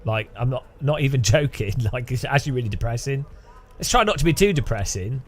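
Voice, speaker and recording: A British gaming streamer chats casually during a sim racing session, rambling, joking and often breaking into laughter. His medium-pitched voice has lively intonation and runs a little fast, with slight background noise.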